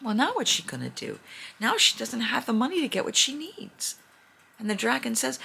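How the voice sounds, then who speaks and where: A woman's voice: on the high side, huge pitch swings, normal speed, gravelly, sharp tone, breathy edge. A young adult woman narrating an improvised fairy tale in a chatty, rambling way, with frequent restarts. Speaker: storyteller.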